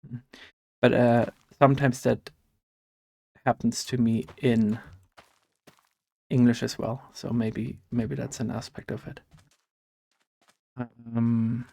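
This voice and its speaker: A man with a German accent talks casually over gameplay, his mid-pitched voice gravelly with fry. He rambles and thinks aloud, full of fillers and restarts, while dealing with allergies. The sound is dry and close. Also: flat delivery, slow pace, pauses often, a little mellow, no room sound. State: has allergies. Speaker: gaming vlogger. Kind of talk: casual chat while playing a game.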